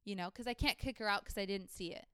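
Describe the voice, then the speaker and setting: A young woman co-hosting a podcast tells a story in a chatty way, saying "like" constantly and acting out the people she quotes. Her mid-range voice is fast, sharp, clear, and resonant, recorded in a clean studio with no room sound.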